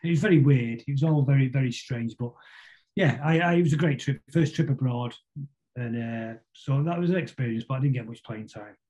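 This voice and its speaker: Fast-talking man, rambling. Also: medium pitch, dark tone, lo-fi sound. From Salford, England. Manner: rambling, with frequent restarts and repetitions. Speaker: guest. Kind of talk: casual storytelling interview.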